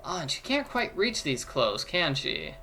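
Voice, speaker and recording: Man, game walkthrough commentary, playful, animated delivery, bright tone. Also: a little high, measured pace, gravelly, soft background music. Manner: playful, explains steps, jokes and does voices. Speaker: let's play commentator.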